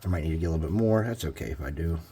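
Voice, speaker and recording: A man's voice: a bass voice, animated, very fast, warm tone, slightly rough. A man talking casually through a painting tutorial, thinking aloud as he works. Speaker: hobby crafter.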